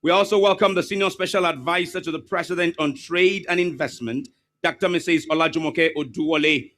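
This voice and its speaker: Nigerian male emcee, bright, slightly high voice, formal and polite, in a big hall. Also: a little fast. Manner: courteous, repetitive welcomes and polite pleading. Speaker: master of ceremonies. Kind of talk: formal event announcing. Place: large crowded hall.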